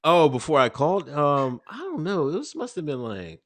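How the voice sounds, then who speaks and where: A man being interviewed, talking casually about his time in the Air Force, laughing often and acting out quotes with sudden high-pitched voices. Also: huge pitch swings, moderate pace. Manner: laid-back, laughs often, acts out quotes with big pitch jumps. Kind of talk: casual conversational storytelling.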